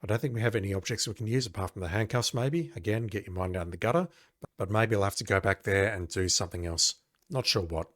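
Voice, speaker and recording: A man's voice: lowish voice, fast talker, a bit bright. A man giving casual, wry, chatty commentary while playing through a retro game. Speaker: let's-play host.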